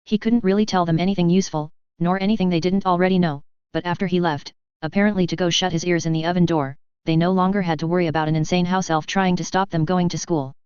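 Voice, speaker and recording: A woman reading fan fiction aloud as narrator, with a steady, even storytelling delivery. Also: on the low side, quick pace, hardly any pauses, clean tone, no echo, highs cut off. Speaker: audiobook narrator. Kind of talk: scripted narration.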